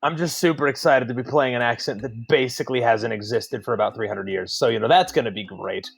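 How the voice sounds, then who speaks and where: A man's voice: medium pitch, quick pace, vocal fry, husky, faint music behind. A man from Texas chatting as a player in a tabletop game session, self-deprecating and often restarting his sentences. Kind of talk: casual group chat.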